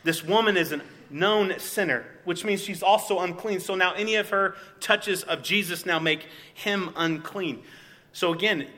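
A man's voice: high-pitched, moderate pace, bright, forceful tone. A man in his forties preaching a sermon, earnestly telling stories and acting out the voices in them. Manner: earnest storytelling, acts out quoted voices. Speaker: pastor. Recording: long reverb of a large hall.

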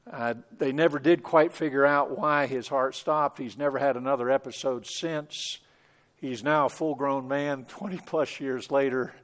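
A man's voice: medium pitch, a bit bright. A middle-aged man telling a personal story in a chapel devotional talk, earnest, with small restarts. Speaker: preacher.

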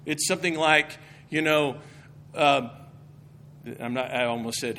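Animated high-voiced man giving a chapel talk. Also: normal speed. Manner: animated storytelling, acting out quoted voices. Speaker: chapel speaker and Bible professor. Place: chapel stage.

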